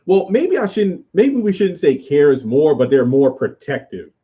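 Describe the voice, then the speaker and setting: A man's voice: fairly high pitch, very animated, unhurried, slightly rough, highs cut off. A man hosting a casual livestream, rambling as he answers viewers' comments aloud. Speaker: YouTube host reviewing a TV show.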